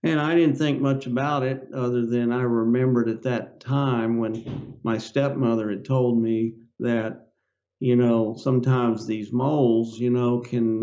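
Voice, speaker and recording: An older man with a gravelly voice tells a personal story as a podcast guest. His telling is halting and rambling, and he stops often for fillers. The audio is a bit dull and lo-fi. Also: mid-range voice, fairly even intonation, warm tone. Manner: rambling, halting, with many "you know" fillers. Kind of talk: personal storytelling in a casual interview.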